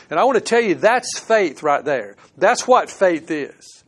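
A man delivers a sermon in a somewhat high voice, earnest and plain-spoken. He reads scripture aloud and comments on it, pushing up for emphasis and then dropping into soft conversational asides. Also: very animated, measured pace, slightly rough. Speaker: pastor.

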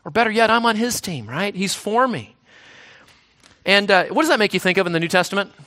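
Bright-voiced earnest pastor preaching. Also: male voice, animated, a little fast, no echo. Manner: earnest, repeats words and restarts, drops to a hushed low voice on key lines. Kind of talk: sermon.

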